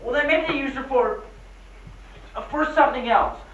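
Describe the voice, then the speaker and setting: Urgent young woman, bright tone, pleading, dull distant old film sound. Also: high voice, normal speed, roomy sound. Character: anxious young woman defending a friend. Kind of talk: 1940s film acting.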